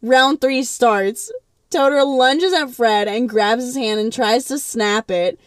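A young adult woman co-hosting a comedic recap podcast, playful and quick to put on silly voices. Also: on the high side, dry recording, studio quality. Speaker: podcast co-host. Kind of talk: casual comedic recap chat.

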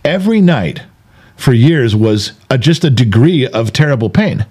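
A man's voice: medium pitch, very animated, moderate pace, warm tone, slightly rough. A man hosting a candid conversational interview, talking earnestly and emphatically, often repeating himself for weight. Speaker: podcast host.

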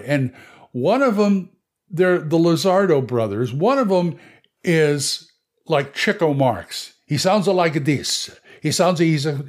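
A man's voice: a little high, a little mellow. A man hosting a podcast, telling game stories in a casual, rambling monologue. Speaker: podcast host. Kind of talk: casual monologue on tabletop games.

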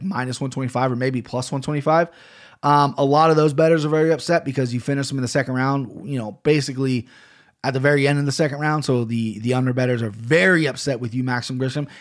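A man hosting a casual podcast, talking bluntly and with plenty of swearing as he rambles through a fight recap from a home studio mic. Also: mid-range voice. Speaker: podcast host. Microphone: studio microphone.

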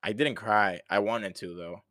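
Slow, low-voiced young man rambling. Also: steady tone, a bit bright, dry recording, clean studio sound. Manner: rambling, many fillers, chuckles at own stories. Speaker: podcast host. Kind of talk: casual solo chat.

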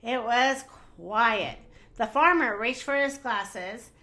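A woman with a fairly high-pitched voice reads a children's picture book aloud at a slow pace. Her storytelling is expressive and animated.

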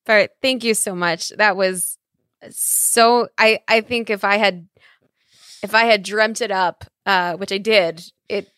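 A woman hosting a podcast, gushing warmly in casual chat. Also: medium pitch, steady tone, takes it slowly, clean tone, no room sound, clean studio sound. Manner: gushing, effusive. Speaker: podcast host.

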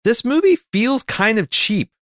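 A man's voice: very high voice, sing-song, a little slow, fairly bright tone, no room sound, clean studio sound. A man from North America co-hosting a casual movie chat, wry and rambling, full of fillers and restarts. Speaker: podcast co-host.

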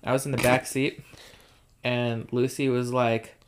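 A man's voice: medium pitch, unhurried, clear, resonant tone. A man in a casual chat, teasing the others and telling stories. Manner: teasing, animated storyteller.

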